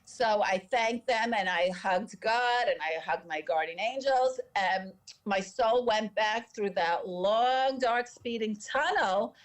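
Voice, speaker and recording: A woman, a podcast guest, telling a personal story with lively delivery and frequent laughter. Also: medium pitch, slow. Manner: lively, laughs often between sentences.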